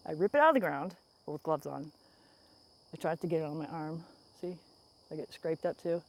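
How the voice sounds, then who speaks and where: A woman's voice: low voice, normal speed, slight background noise. A woman from the United States hosting a rambling, casual livestream outdoors, reading viewer comments aloud and laughing often, speaking into an earbud mic. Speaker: livestream host. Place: outdoors in the woods. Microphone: phone earbud used as microphone.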